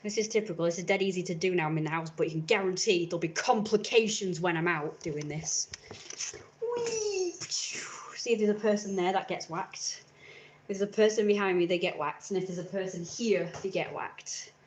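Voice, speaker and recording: A woman's voice: fairly low pitch, fast talker, hardly any pauses, slight background noise. A young woman chatting casually on a home live stream, rambling and acting out little scenes with sudden squeals. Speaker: vlogger. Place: at home indoors. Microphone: camera mic.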